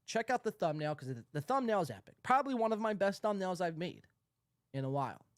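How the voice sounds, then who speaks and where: A man's voice: high voice, big pitch swings, quick pace, dry recording, studio quality. A man hosting a podcast, ranting in a sarcastic, profane, rambling way. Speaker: podcast host. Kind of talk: ranting commentary.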